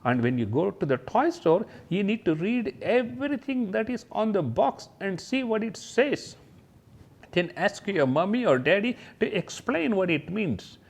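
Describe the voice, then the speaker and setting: A man teaching kindergarten children, talking straight to them about letters and toys in a slow, sing-song way and imitating sounds. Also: high-pitched, big pitch swings, creaky, husky.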